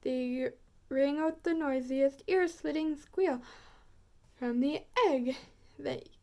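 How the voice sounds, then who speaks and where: A woman storyteller reading a rhyming picture book aloud, expressive and rhythmic. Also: high voice, slow.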